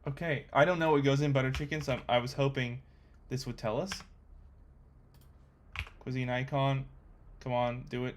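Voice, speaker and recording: A young man talking to himself while coding, thinking aloud with excitable, chatty commentary. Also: medium pitch, normal speed, slight background noise. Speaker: coding vlogger. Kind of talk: casual screen-recorded coding commentary.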